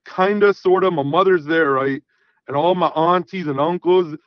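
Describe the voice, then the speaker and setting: A man's voice: on the high side, moderate pace, dry recording, muffled recording. Brash man telling a wild story. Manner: animated, profane, acts out quoted dialogue. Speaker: caller. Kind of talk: casual storytelling on a call-in show.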